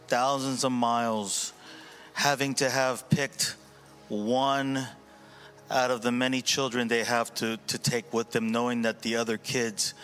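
A man, a pastor, sharing an earnest story and reflection from the pulpit, with many pauses, fillers and restarts. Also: mid-range voice, fairly bright tone. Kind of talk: sermon reflection before communion.

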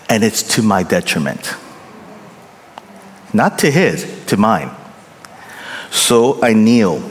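A middle-aged male pastor preaching a sermon, animated and emphatic, repeating phrases for effect. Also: medium pitch. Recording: long reverb in large hall.

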